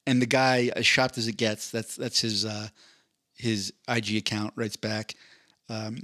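A man's voice: lowish voice, level tone, unhurried, bright, forceful tone, no room sound, clean studio sound. A man hosting a podcast, telling a story in a casual chat with an amused, rambling manner and frequent restarts. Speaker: podcast host.

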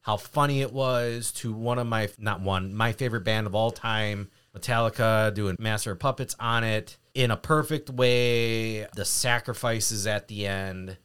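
A man with young kids, chatting casually on a podcast and getting excited as he retells scenes. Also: a little slow, hardly any pauses, clear, resonant tone. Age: adult with children. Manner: excitable, breaks into laughter and high-pitched retelling. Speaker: podcast co-host. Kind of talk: casual chat.

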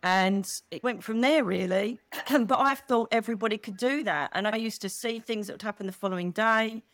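A middle-aged woman, a guest chatting casually and telling stories with lively, expressive delivery. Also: a little high, moderate pace, no room sound. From England. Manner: animated, expressive storyteller who acts out quotes. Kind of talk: casual chat.

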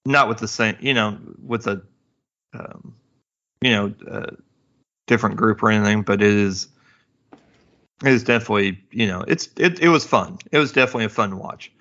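A man co-hosting a podcast in casual chat, rambling with halting restarts and cracking dad jokes. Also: lowish voice, bright, forceful tone, dull audio. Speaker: podcast co-host.

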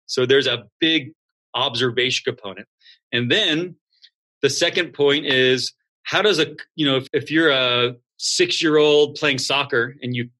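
A man who founded a school, talking in a relaxed interview and acting out students and coaches in quick voices. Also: medium pitch. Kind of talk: casual interview talk.

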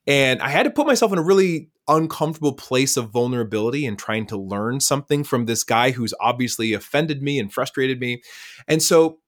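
A man speaking as a podcast guest, telling stories in a lively conversational way and acting out the dialogue. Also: medium pitch, fairly quick. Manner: lively storyteller who acts out dialogue. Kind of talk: conversational storytelling.

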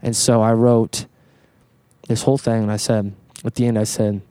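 A man hosting a casual podcast conversation, telling an animated story, swearing freely and stumbling over repeated words as he talks. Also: on the low side, normal speed, clear, resonant tone, dry recording. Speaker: podcast host.

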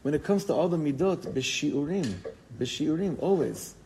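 A man giving an informal, animated Torah class, telling stories and mixing in Hebrew and Yiddish words. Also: on the high side, a little slow, background noise. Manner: animated storytelling, code-switching with Hebrew and Yiddish terms.

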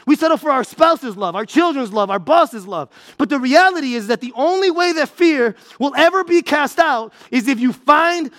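A man preaching a sermon, stressing points through repetition and swinging between loud exclamations and low, quiet lines. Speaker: pastor.

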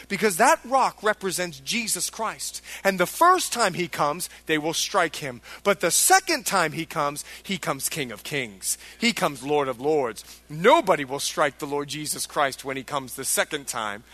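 A man's voice: a little high, animated, measured pace, hardly any pauses, pushed and bright. A male pastor preaching a sermon with emphatic delivery, acting out biblical figures in quoted lines.

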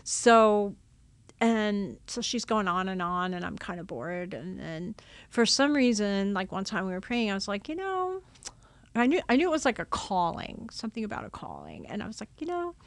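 A religious sister telling her vocation story in a casual, animated way, acting out old conversations. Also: medium pitch, moderate pace, no echo. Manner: animated, acts out her own past dialogue with laughs.

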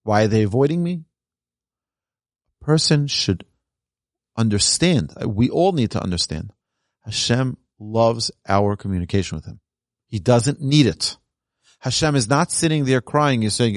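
A man's voice: lowish voice, a little slow, long pauses, dry recording, clean studio sound. A man teaching a religious class as a rabbi, telling stories and acting out the people in them. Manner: animated storyteller who acts out quoted voices. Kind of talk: storytelling Torah lesson.

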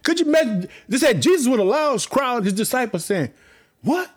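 Fired-up man preaching with shouts. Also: very high-pitched, moderate pace. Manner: excited, shouting, preaching with repeated catchphrases. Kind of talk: fiery sermon.

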